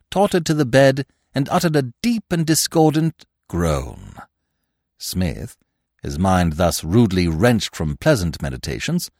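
A man narrating a classic story with an expressive reading. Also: fairly low pitch, dry recording, clean studio sound. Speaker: podcast narrator. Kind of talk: scripted narration.

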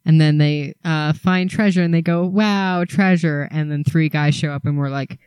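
A man's voice: a little high, flat delivery, moderate pace, darkish tone, clean tone, dry recording. A young man from Canada co-hosting a casual podcast, sarcastic and playful, swearing for comic effect. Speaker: podcast co-host. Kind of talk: casual chat.

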